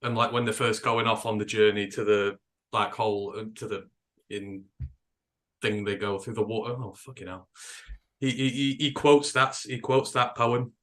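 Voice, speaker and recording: Man, british accent, excitable, rambling, casual co-host chat. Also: on the low side, normal speed. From England. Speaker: podcast co-host.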